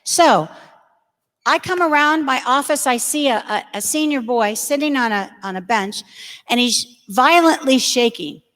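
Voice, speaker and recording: A woman's voice: sits high, animated, measured pace, a bit bright. A middle-aged woman giving a direct, storytelling talk to confirmation students in a large church, speaking straight to the crowd. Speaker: religious education speaker. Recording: reverberant church hall.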